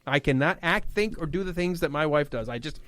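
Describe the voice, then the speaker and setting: Lively Midwestern man hosting radio. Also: fairly high pitch. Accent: Midwestern American. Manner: animated, fast storytelling with quoted voices. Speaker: fill-in radio host. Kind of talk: casual talk radio chat. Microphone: studio microphone.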